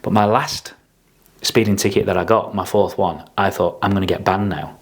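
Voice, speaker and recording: A man's voice: low voice, normal speed. A middle-aged man, a podcast guest telling casual, profane anecdotes and acting out the other people in them. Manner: swearing, lively anecdotes acting out other voices. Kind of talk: casual storytelling.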